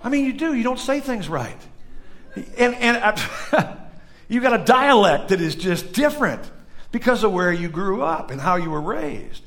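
A man's voice: high-pitched, very animated, measured pace, fairly bright tone. A man from northern Illinois farm country with a Midwestern accent, preaching a conversational sermon and joking with the congregation. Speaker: pastor. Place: church.

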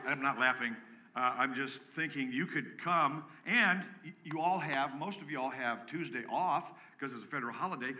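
A man preaching a live sermon to his congregation, energetic and joking, rallying the room with calls and shouts. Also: medium pitch. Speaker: pastor. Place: church sanctuary with a congregation.

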